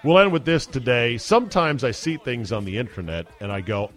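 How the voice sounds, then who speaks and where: A man's voice: medium pitch, animated, fairly quick, few pauses, a bit bright, faint music behind. A man hosting a podcast, talking casually and enthusiastically into a studio mic. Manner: chatty, enthusiastic, emphatic. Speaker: podcast host. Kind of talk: casual chat.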